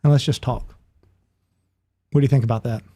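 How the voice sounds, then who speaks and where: A man's voice: medium pitch, steady tone, fairly quick, mellow, lightly acted. A man voicing an earnest middle-aged bartender in a told joke, pleading and heartfelt, often calling his listener "man.". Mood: coaxing.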